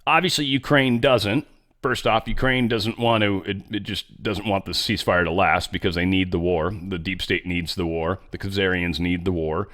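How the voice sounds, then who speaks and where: A man's voice: deep voice, steady tone, normal speed, a bit bright. A man hosting a casual political commentary monologue, blunt and rambling, often stammering and repeating words. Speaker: host.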